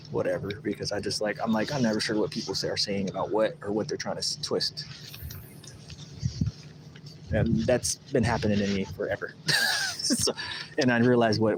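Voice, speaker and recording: His voice on the low side, a man runs a casual livestream outdoors by a lake, rambling animatedly through a tale and acting out its characters' voices. The background is noisy.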